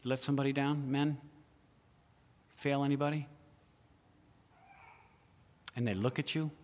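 A man preaching a sermon, speaking straight to his listeners with pointed questions and moving from loud emphasis to a hushed voice. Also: mid-range voice, fairly even intonation, unhurried. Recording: long hall reverb.

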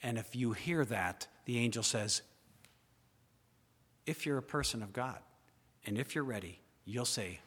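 Bright-voiced man preaching in a reverberant hall. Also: mid-range voice, lively intonation, measured pace, long pauses. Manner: rhetorical questions, swings between loud emphasis and quiet asides. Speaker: pastor. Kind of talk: sermon.

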